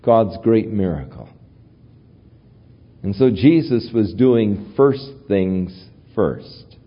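A man preaching a sermon as pastor, teaching from the Bible in a measured way. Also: lowish voice, lively intonation. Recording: dull lo-fi recording.

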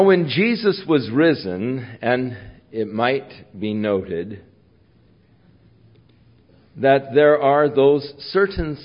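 A man's voice: medium pitch, muffled recording. A male pastor giving a conversational sermon, retelling scenes and repeating himself.

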